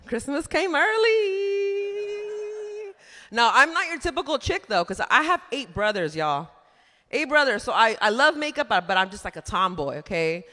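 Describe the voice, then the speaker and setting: A woman's voice: medium pitch, big pitch swings, fairly quick, sharp tone. Woman doing stand-up, chatty and laughing at her own bits, long echo in the club. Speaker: stand-up comedian. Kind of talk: stand-up comedy set. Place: comedy club stage. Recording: reverberant club room.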